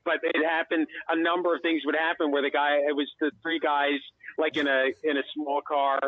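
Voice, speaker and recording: Halting man comedian on a tinny phone line. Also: a little high, little pitch movement. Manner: halting, full of restarts and "you know". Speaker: comedian guest. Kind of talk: casual interview chat over phone.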